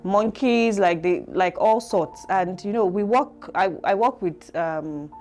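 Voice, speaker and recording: A woman with a Nigerian accent, telling her story as an interview guest in a reflective, halting way full of fillers. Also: on the low side, a little mellow, soft background music. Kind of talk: conversational interview.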